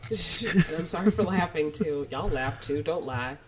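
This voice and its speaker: A woman's voice: low-pitched, crowd noise. A woman co-hosting a pop-culture podcast, chatting casually and laughing often. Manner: giggly, quick to laugh, agreeable. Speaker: podcast co-host. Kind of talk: casual chat.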